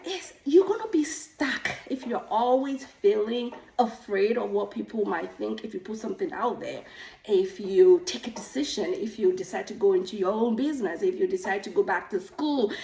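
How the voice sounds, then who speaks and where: A middle-aged woman, a nurse practitioner and coach, telling stories in a casual vlog, animated and a little out of breath from pedaling an exercise bike. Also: mid-range voice, moderate pace, creaky, a little hiss or hum. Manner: animated storytelling, acts out quoted voices. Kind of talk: casual talking-head vlog. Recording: echoey room, mic at a distance.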